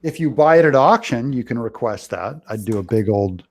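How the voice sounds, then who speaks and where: A man's voice: mid-range voice, expressive, moderate pace, darkish tone. A man chatting casually on a live stream, joking and rambling with frequent restarts. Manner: joking, rambling, self-interrupting.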